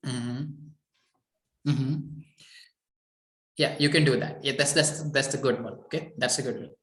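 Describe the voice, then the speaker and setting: A man's voice: medium pitch, fairly even intonation, a little slow, a bit bright, reverberant. A man coaching a client on mindset, talking in a repetitive, encouraging way with many "okay"s. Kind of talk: coaching session.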